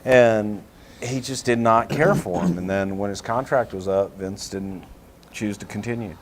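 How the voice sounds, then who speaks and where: Low-voiced Southern man, relaxed storyteller. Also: measured pace, background noise. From Texas. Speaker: podcast guest. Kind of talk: conversational podcast chat.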